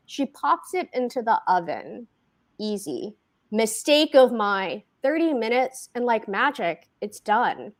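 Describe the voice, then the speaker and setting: A woman author reading her own fiction aloud at a book event, slow and deliberate with dramatic pauses. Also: a little high, sing-song.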